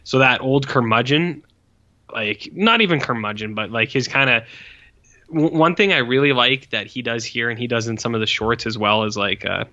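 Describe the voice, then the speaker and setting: On dull audio, a forties-aged podcast co-host talks casually about an old film, wandering into profane tangents and filling gaps with fillers. He speaks at normal speed in a medium pitch that sounds pushed and bright.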